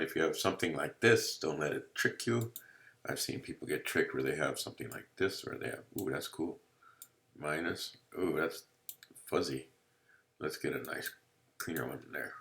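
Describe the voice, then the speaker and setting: Deep, gravelly man teaching math. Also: moderate pace, fairly bright tone. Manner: playful, jokey, keeps checking in with "you see?". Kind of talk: casual screen-recorded lecture.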